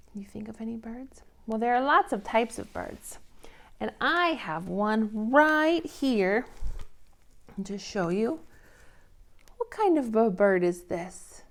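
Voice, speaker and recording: A woman leading a toddler storytime, reading picture books and singing gently in a slow, sing-song way. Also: fairly high pitch. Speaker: children's librarian. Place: library storytime recorded on camera.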